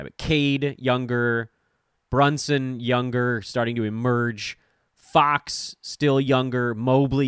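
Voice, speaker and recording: A man's voice: on the low side, fairly bright tone, clean tone, dry recording, clean studio sound. A man in his thirties hosting a podcast, giving rambling, self-deprecating fantasy basketball commentary. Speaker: podcast host. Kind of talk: casual fantasy sports commentary.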